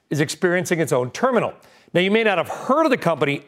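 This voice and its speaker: A man hosting a cable news show, moving briskly between stories and guests in an animated anchor delivery. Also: high-pitched.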